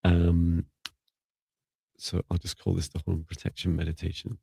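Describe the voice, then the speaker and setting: A man with a very low, gravelly and husky voice hosts a live psychic reading stream. He gives soft, meandering spiritual guidance full of fillers. His voice is close and dry, with no room sound. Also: monotone, moderate pace, no echo. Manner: gentle, rambling advice with many fillers. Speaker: psychic mentor and co-host.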